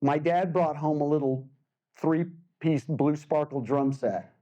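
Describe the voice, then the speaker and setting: Older man telling stories, mellow voice. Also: on the high side, takes it slowly, highs cut off. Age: 60s. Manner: animated, acts out quoted voices, laughs often. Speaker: guest artist speaker. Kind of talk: casual storytelling talk.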